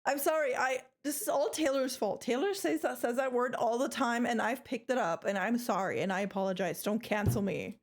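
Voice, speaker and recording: A woman's voice: a little high, brisk, few pauses. A young woman streaming a horror game live, rambling, swearing and screaming in fright, with a throat sore from screaming.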